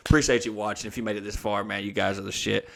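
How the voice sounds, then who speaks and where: A man hosting a podcast, telling a funny story in a loose, profane, animated way. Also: lowish voice, fast, vocal fry. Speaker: podcast host. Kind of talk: casual comedic storytelling.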